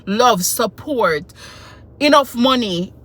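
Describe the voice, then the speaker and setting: A woman, telling a personal story in a casual, animated and emotional way. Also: on the high side, slow pace. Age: 20s. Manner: animated, emotional retelling with quoted voices. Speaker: vlogger.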